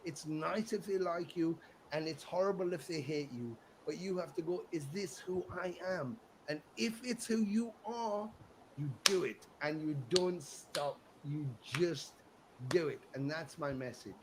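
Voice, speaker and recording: A middle-aged English man tells stories in a casual interview, animated and quick to act out what others said. His voice sits a little high for a man. A faint hiss runs under the call audio. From England. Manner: animated storyteller, acts out quotes, swears freely. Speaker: musician guest.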